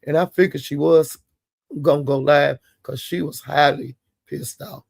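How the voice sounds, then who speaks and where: A man hosting his channel, rambling through a gossip story in a gravelly, husky voice. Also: fairly high pitch, fairly even intonation, measured pace, no room sound. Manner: rambling, with quoted asides. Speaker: channel host.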